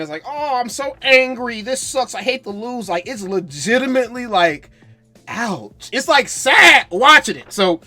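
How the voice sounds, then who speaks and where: A man's voice: high voice, pushed and bright. A man with a daughter in second grade, ranting animatedly about his team and laughing through exaggerated mock grief. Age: adult parent. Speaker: sports fan commentator. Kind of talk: casual fan rant to camera.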